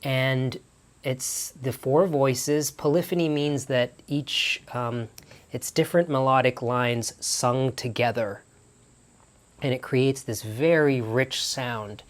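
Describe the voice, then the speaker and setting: A man's voice: mid-range voice, slow. A man vlogging in a small barn studio, telling stories casually with lots of restarts and self-corrections. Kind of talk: casual storytelling to camera.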